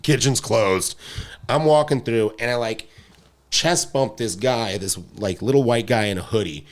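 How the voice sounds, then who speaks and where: Chatty chef from Detroit, laughs often. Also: male voice, mid-range voice, unhurried. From Detroit, USA. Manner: laughs often, trails off and restarts sentences. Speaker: chef, podcast guest. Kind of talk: casual chat.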